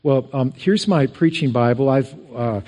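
A middle-aged male pastor delivering a sermon in a church, his voice mellow and a touch higher than most men's. He preaches in a loose, conversational way, weaving in personal stories and circling back over his words. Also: expressive, moderate pace. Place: church sanctuary.

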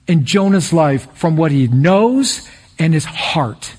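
Husky, high-voiced man preaching a sermon. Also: slow. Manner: energetic preaching, rising to excited peaks. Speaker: pastor.

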